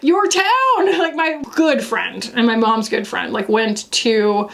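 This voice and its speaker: A woman's voice: a little high, lively intonation, measured pace, vocal fry. A woman from Florida chatting casually in a makeup vlog, playful and full of fillers and jokey asides as she reviews beauty products. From Florida, USA.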